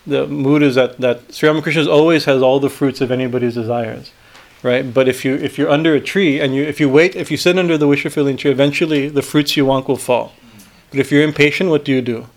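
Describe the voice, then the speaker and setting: A man, a swami, reading a spiritual text aloud and breaking off into halting commentary that often ends in a questioning "right?". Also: mid-range voice. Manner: halting asides, frequent "right?" tags.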